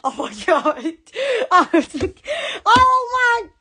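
A woman from Alabama, chattering excitedly on a phone livestream, giggling, gushing and stammering. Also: very high voice, slow pace. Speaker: social media livestreamer.

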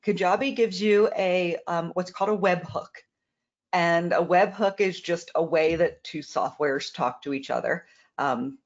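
A woman's voice: lowish voice, muffled recording. A woman answering product questions in a casual Q&A, frank and explanatory, repeating words as she thinks. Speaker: company co-founder answering questions.

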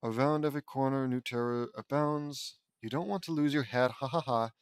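A man voicing a teenage rocker girl who recites a spooky Halloween song in a slow sing-song. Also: medium pitch, clear, resonant tone, dry recording, close to an everyday voice.

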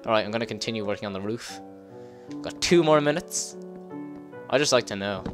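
A man giving casual gameplay commentary, excitable, swearing and laughing as he plays. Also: lowish voice, music in the background. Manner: excitable, swears and laughs, quick yelps when startled. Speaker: let's play gamer.

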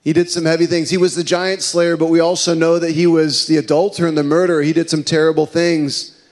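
Pastor guy preaching, kinda high voice, chatty storytelling. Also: flat delivery, quick pace. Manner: storytelling, conversational with fillers. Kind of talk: sermon.

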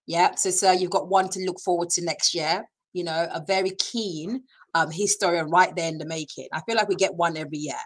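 A woman's voice: lowish voice, fairly even intonation, brisk, poor audio. A woman, chatty and encouraging, hosting an online school session from a computer mic. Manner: chatty, encouraging, many fillers. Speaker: school staff presenter.

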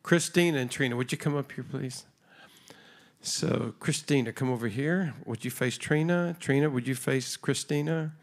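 A man with a mid-range voice speaks at normal speed as a guest preacher on a church stage. His sermon to the congregation is conversational, and he acts out the dialogue of the story he's telling.

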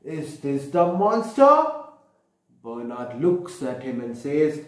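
A man reads a picture book to children slowly and with a lot of lively swing in his voice. He pauses to explain the pictures and asks his young listeners questions, his voice echoing in the room. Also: fairly high pitch. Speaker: storyteller. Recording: echoey room.

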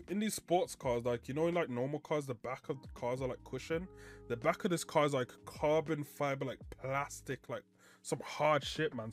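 A young man, telling a story animatedly in slangy casual speech. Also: medium pitch. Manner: animated, slangy, acts out the quoted lines. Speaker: streamer.

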